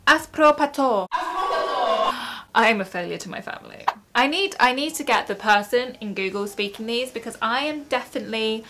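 A woman's voice: fairly high pitch, brisk, hardly any pauses, bright, forceful tone, slight background noise. A young woman chatting casually at home for her vlog, giggly and self-mocking as she stumbles over words. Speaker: YouTuber.

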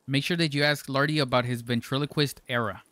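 A man's voice: medium pitch, steady tone, quick pace, bright, forceful tone, no room sound. A man streaming a game live, chatting playfully with his viewers, joking and laughing often, sometimes slipping into mock-formal phrasing. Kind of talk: live gameplay commentary, reading chat.

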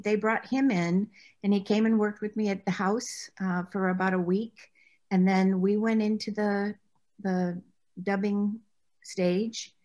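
A woman guest in an interview, chatty and anecdotal, often laughing as she recalls her acting work. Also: medium pitch. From United States. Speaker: interview guest, former actress. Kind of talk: conversational interview.

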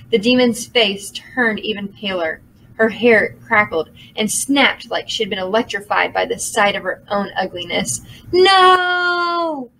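A woman's voice: medium pitch, gravelly, fairly bright tone, slight background noise, rough recording. Woman reading a children's story aloud. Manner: measured storytelling. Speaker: audiobook narrator. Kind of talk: scripted narration.

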